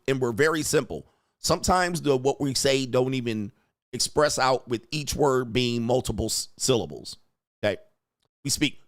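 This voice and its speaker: A man's voice: mid-range voice, normal speed, no room sound, clean studio sound. A middle-aged man hosting casual commentary, brash and crude, laughing often. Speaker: host. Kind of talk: casual commentary reacting to clips.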